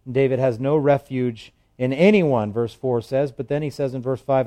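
A male pastor teaching through the Psalms in a relaxed, conversational way, reading verses aloud with emphasis and slipping in light humor. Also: medium pitch, normal speed, few pauses. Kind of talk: expository Bible teaching.

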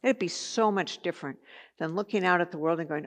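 A woman's voice: fairly low pitch, a little fast. A woman teaching a Bible study lesson in a conversational way, with chatty asides and filler words.

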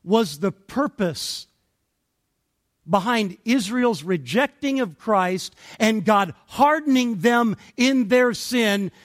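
A man preaching an expository sermon, deliberate and emphatic, pausing between phrases. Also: high-pitched, lively intonation. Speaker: pastor.

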